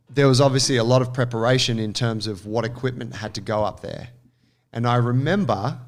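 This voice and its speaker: Man, 30s, podcast co-host, animated storyteller, swears freely. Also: medium pitch. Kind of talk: casual storytelling chat.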